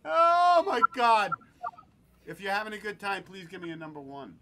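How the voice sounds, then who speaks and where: A man's voice: high-pitched, very animated, normal speed, sharp tone, slight background noise. A man hosting a podcast in a crude, joking casual chat, laughing often. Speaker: podcast host.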